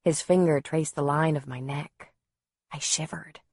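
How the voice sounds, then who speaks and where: A woman narrating a novel in the first person, in a measured, softly expressive way. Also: low-pitched, slightly rough, no echo, clean studio sound. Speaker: audiobook narrator.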